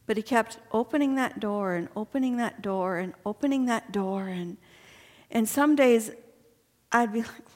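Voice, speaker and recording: High-voiced woman giving a testimony talk. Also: a little slow. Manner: chatty and earnest, laughing often. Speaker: speaker at a women's gathering. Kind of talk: personal faith testimony talk. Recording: long hall reverb.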